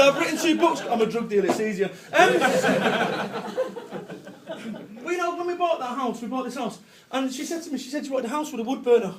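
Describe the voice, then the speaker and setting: A man's voice: very high-pitched, expressive, moderate pace, a crowd in the background. A man with a Manchester accent, from Salford, giving a brash, jokey business talk to a live audience, swearing and laughing as he goes. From Salford, England. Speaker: business speaker. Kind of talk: comic motivational talk.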